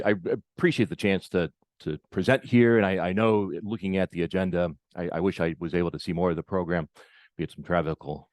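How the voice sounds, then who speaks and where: A low-pitched American man delivering a conference keynote, stumbling and repeating words as he builds his points. His voice is deep and the recording is dry and close, with no room sound. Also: no echo. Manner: halting, repeats words often. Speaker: keynote speaker.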